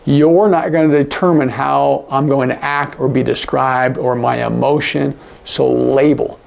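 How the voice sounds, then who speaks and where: A man teaching sign language in a casual, animated way, acting out example lines with big jumps in his voice. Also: medium pitch, normal speed, gravelly, hardly any pauses. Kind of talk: casual instructional talk.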